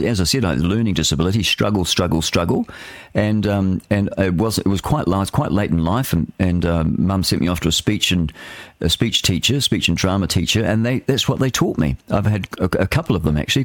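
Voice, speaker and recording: A man's voice: lowish voice, dry recording. An older man hosting a radio show, rambling and opinionated, with many restarts and fillers. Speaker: radio host. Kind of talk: casual talk radio monologue.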